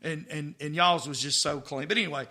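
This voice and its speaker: Bright-voiced man telling stories. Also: fairly high pitch, a little fast. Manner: animated, stammering repeats, acts out dialogue. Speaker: podcast guest. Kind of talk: casual storytelling.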